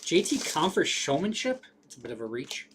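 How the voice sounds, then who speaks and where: A man's voice: a little high, big pitch swings, a little fast, noisy background. Man calling out cards in casual patter. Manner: rattles off names in a casual running patter. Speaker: card break host. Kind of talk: live card break commentary.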